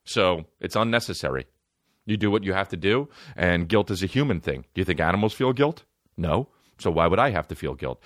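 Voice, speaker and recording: A man's voice: low voice, moderate pace, fairly bright tone, dry recording, studio quality. A man hosting a comedy podcast, riffing in a loose monologue and jumping into put-on voices. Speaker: podcast host. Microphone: studio microphone.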